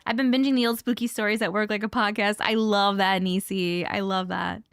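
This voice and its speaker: A woman with a mid-range, steady voice hosts a casual livestream at a fairly quick pace, recorded with clean studio sound and no echo. Reading comments, she chats bubbly and greets viewers by name.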